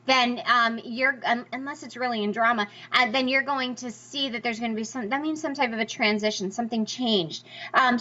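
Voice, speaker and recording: A woman, teaching in a chatty, reassuring way. Her voice sits a little high and sounds bright. The recording is dull and lo-fi. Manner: encouraging, chatty, reassures listeners. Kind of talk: recorded lecture on poetry.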